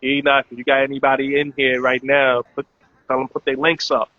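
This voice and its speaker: A man's voice: medium pitch, flat delivery, a little fast, no room sound. A man hosting a casual live-stream chat, loose and promotional, with many filler words. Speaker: host. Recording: dull lo-fi audio.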